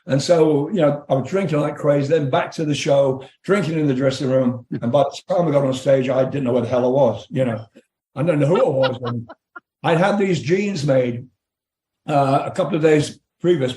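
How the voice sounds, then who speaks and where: A man's voice: on the high side, moderate pace, a little mellow, echoey room. An older English man, a rock singer, candidly telling profane stories in an interview, laughing as he goes. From England. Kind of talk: storytelling interview.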